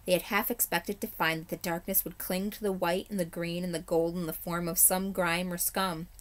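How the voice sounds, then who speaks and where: A woman's voice: lowish voice, moderate pace. A woman teacher reading a chapter book aloud to her class, telling it expressively with the odd slip. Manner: expressive storytelling, occasional slips. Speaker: third grade teacher.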